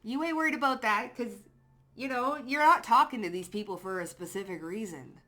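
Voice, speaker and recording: A woman's voice: on the high side, brisk, faint music behind. A woman doing a casual pick-a-card tarot reading, chatty and slangy, cursing freely and laughing as she talks straight to her viewers. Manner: lively storytelling with frequent laughs. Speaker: psychic tarot card reader.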